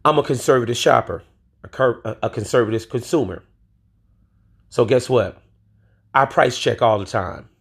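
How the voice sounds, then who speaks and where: A man's voice: mid-range voice, normal speed, gravelly, pauses often, slightly rough. A man from the United States ranting on his own podcast, emphatic and profane, using street slang and talking straight to his listeners. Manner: emphatic and profane, swears freely. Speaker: podcast host. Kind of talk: solo podcast rant.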